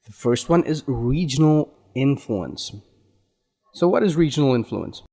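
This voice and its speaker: In this lesson, an Indian-native male accent coach explains things slowly and deliberately, stretching out each point. He speaks with a lively, somewhat high pitch and never rushes the instruction.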